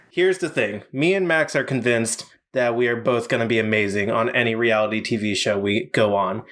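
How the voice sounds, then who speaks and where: A young man co-hosting a casual podcast. His voice sits at an ordinary middle pitch. He talks in a relaxed way and lays out explanations plainly. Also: normal speed. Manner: easygoing, explains things plainly. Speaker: podcast co-host. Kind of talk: casual chat.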